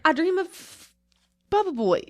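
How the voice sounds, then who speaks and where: A woman with a very high, sing-song, slightly mellow voice speaks at normal speed with no room sound. Co-hosting a casual podcast, she talks candidly and rambles, often cutting off her own sentences.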